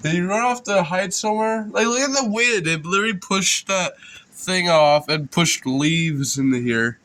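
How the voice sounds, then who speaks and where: Young male vlogger, congested, excitable rambling, slightly high voice, faint background noise. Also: normal speed. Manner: rambling, excitable, self-correcting. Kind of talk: casual narration while filming a storm. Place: indoors at home by windows.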